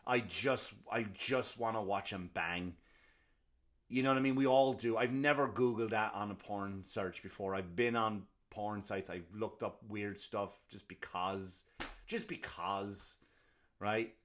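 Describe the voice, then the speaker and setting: A man hosting a comedy podcast, ranting casually with lots of swearing and self-deprecating asides, dropping to low mutters and then rising into loud bursts. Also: steady tone, measured pace.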